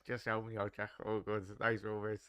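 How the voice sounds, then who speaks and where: Bright, crisp-voiced Scouse lad hosting. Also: male voice, lowish voice, monotone, unhurried, no room sound, clean studio sound. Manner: chatty, laddish, reads chat aloud. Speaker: watchalong host. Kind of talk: live match commentary and chat.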